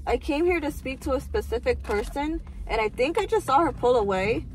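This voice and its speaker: Young woman vlogger, twenties, blunt and profane, slightly high voice. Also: slight background noise. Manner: profane, slangy and candid. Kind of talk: casual vlog chat.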